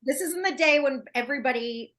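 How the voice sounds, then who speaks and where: A woman's voice: high voice, fast talker, a bit bright. A woman co-hosting a casual chat, talking loosely with lots of fillers. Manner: chatty, lots of "like". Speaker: podcast co-host.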